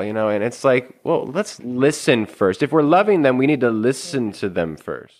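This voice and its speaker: A man's voice: medium pitch, expressive, moderate pace, darkish tone. Earnest man speaking reflectively. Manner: reflective, earnest, with many restarts. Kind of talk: casual conversation.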